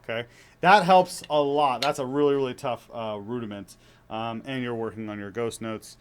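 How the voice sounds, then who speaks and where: A man who is a father of young children, teaching drums in a relaxed, chatty way with many fillers and restarts. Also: mid-range voice, moderate pace, slight background noise. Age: young adult to middle-aged, father of young kids. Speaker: drum teacher. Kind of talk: casual spoken drum lesson.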